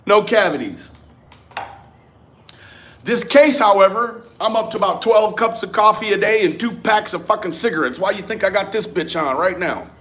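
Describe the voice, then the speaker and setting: A man giving a profane, animated rant to his viewers. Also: high voice, normal speed. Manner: animated, swearing, talks straight at viewers. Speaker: commentary vlogger. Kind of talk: profane ranting commentary.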